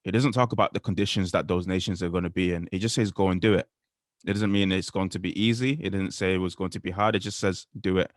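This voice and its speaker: Deep-voiced earnest man co-host. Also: fairly even intonation, no room sound, clean studio sound. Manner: earnest, quotes scripture, measured. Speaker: podcast co-host. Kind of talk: casual faith discussion.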